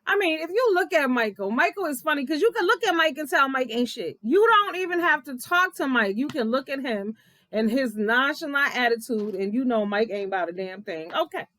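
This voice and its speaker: A woman giving a blunt, profane, animated recap of a reality TV episode, laughing often as she talks. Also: high voice, fairly quick, no room sound. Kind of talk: casual episode recap commentary.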